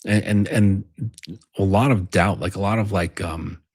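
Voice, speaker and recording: This is a man with a husky, breathy edge to his voice, speaking in a casual monologue. He rambles and swears freely as he lectures like a men's coach. The sound is dry and close, with no room echo. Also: fairly low pitch, fairly even intonation, a little slow. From United States.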